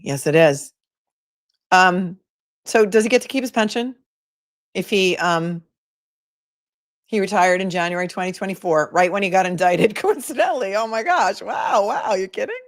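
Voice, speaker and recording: A woman, an attorney, hosting a casual livestream, chatting and laughing often as she reads viewer comments aloud. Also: fairly low pitch.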